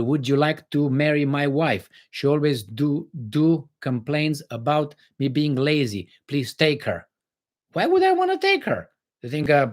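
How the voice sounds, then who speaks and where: A man from Romania with a Romanian accent, hosting a livestream and reacting to viewer chat in a blunt, sarcastic way with some swearing. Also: mid-range voice. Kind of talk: casual livestream commentary.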